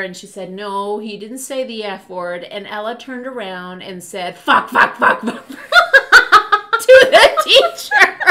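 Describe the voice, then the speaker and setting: A woman who is a podcast guest, telling family stories in casual chat and laughing as she talks. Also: mid-range voice.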